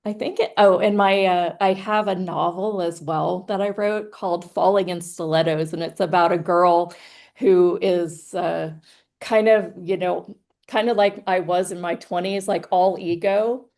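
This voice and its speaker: A chatty woman guest speaker with a lowish voice and a gravelly edge. She talks casually and sounds self-amused, laughing between her thoughts as she gives an online presentation. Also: fairly even intonation, measured pace, a little mellow. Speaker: guest speaker, hypnotherapist and author.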